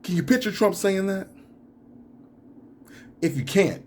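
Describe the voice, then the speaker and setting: A young adult man giving reaction commentary in a video, ranting and laughing, his voice rising to near shouts and sinking to mumbles. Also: sits high, lively intonation, measured pace, a little hiss or hum. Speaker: YouTuber.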